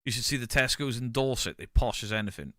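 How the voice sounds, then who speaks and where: A man's voice: mid-range voice, fast talker, dry recording, studio quality. A man, streaming and bantering casually with his chat. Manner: banter, reads chat aloud, shouts mock pub-landlord bits.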